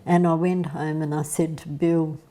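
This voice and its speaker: A woman telling an anecdote in an interview, unhurried and pausing often. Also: low voice, flat delivery, warm tone. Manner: unhurried storytelling with hesitations.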